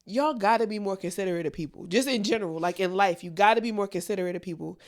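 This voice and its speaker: A woman's voice: mid-range voice, fast talker. A young adult woman co-hosting a podcast, talking bluntly and candidly with a lot of profanity. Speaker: podcast co-host. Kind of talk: candid casual chat.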